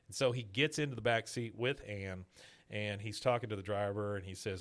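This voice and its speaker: A man's voice: on the low side, moderate pace, a bit bright. A male podcast host casually recapping a cartoon episode, quoting characters as he goes. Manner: chatty, quotes characters in passing.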